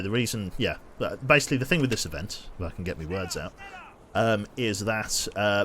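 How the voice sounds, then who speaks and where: Man, lowish voice, casual game stream chatter, rambling, faint background noise. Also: fairly bright tone. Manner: rambling, chatty, many fillers and restarts. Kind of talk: casual gaming livestream commentary.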